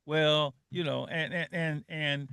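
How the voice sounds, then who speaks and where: A man's voice: on the high side, fairly even intonation, slow pace, vocal fry, bright, forceful tone, smooth, dry recording, studio quality. An older man hosting a radio talk show, telling stories in an emotional, earnest way with frequent restarts.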